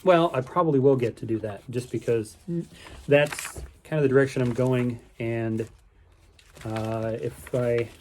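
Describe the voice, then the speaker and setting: A man's voice: mid-range voice, fairly even intonation, measured pace, darkish tone, slight background noise. A man giving a casual, rambling spoken recap of his day, easygoing and upbeat, with lots of fillers and restarts. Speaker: vlogger on a canal boating holiday.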